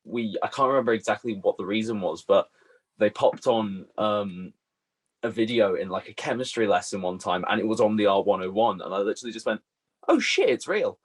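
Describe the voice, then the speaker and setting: A young man chats as a guest on a podcast, stumbling and restarting as he speaks. His voice sits somewhat low. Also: fairly even intonation, slightly rough. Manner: halting, self-correcting. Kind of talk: casual chat.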